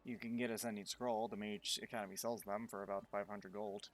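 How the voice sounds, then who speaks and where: A man acting as dungeon master of a tabletop game, who explains the rules in a playful, animated way. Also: lowish voice, brisk, a crowd in the background. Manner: playful and animated, breaks into song.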